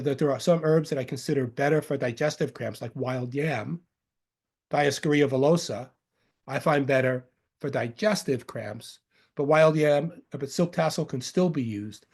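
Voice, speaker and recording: A man's voice: fairly high pitch, a little mellow, breathy edge. A man from Long Island with a faint Long Island accent, teaching about medicinal herbs in a loose, rambling way, joking and correcting himself as he goes. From Long Island, New York. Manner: rambling and jokey, with self-corrections and fillers. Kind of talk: informal lecture.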